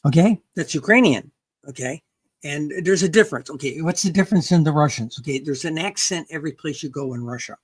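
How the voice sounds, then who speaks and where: A woman's voice: deep voice, lively intonation, fairly quick, husky. An older woman guest in a casual interview, rambling with frequent restarts and "okay" checks. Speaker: guest researcher and author.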